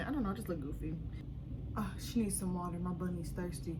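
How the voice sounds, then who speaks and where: A woman's voice: mid-range voice, fast talker, fairly bright tone, slight background noise. A woman chatting nervously to herself and her viewers in a casual home vlog. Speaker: beauty vlogger. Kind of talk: casual self-talk vlog. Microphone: camera set up nearby.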